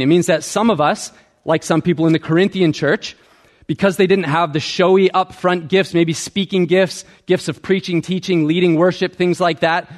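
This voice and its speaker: A man preaches to his congregation in an earnest, explaining tone, his voice sitting a little higher than most men's. He pauses often to check in with listeners before pressing his point. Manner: earnest teaching with rhetorical "right?" checks. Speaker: pastor. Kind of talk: sermon.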